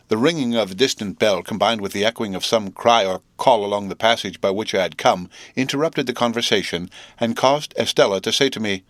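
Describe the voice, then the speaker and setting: A man reading a classic novel aloud as an audiobook narrator, in a measured, deliberate manner. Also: on the low side, fairly bright tone, no room sound.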